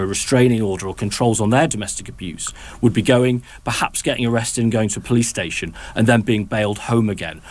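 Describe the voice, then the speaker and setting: Deliberate low-voiced male politician. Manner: deliberate, explanatory. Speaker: government minister. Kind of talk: broadcast interview clip.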